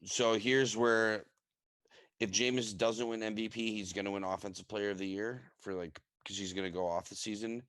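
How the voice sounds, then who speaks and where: Low-voiced brash young man, dry. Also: steady tone, moderate pace, a bit bright, no room sound. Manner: brash, swears freely, confident. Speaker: podcast co-host. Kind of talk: casual sports chat.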